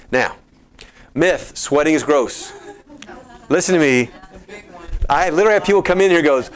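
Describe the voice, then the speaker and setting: Energetic Texan man, health talk to a live crowd, joking coach energy. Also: mid-range voice, brisk, a little hiss or hum. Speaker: chiropractor giving a health talk. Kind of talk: lively seminar talk to a live audience.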